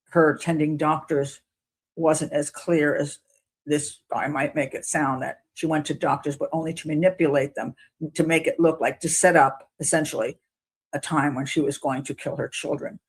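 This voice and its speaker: A woman hosting a casual talk show, commenting on a trial in an animated way and acting out courtroom quotes. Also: low voice, husky. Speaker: host.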